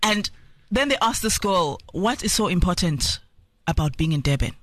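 A man with a South African accent hosting a radio show, talking in a lively, teasing way and laughing often. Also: high voice, normal speed, dry recording, studio quality. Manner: animated, teasing, laughs often, switches languages. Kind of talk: lively studio chat. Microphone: studio microphone.

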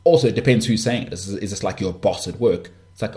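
A man's voice: fairly low pitch, animated, quick pace, darkish tone. A man with a Johannesburg northern suburbs South African accent, hosting a podcast in a blunt, rambling, candid rant full of restarts and asides. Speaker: podcast host.

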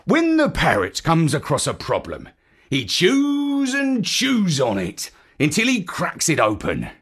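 Woman, children's story narrator, animated, unhurried, breathy. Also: sits low. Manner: expressive, lively storytelling.

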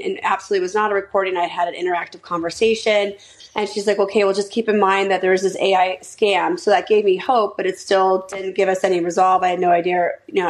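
Woman, mother telling her story, flat even voice, mid pitch. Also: poor audio. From Arizona, US. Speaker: interviewee, mother. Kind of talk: personal account.

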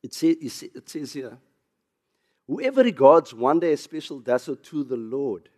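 A South African pastor preaching a sermon, getting louder and higher on emphasis, with chuckles and asides. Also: male voice, very animated, normal speed.

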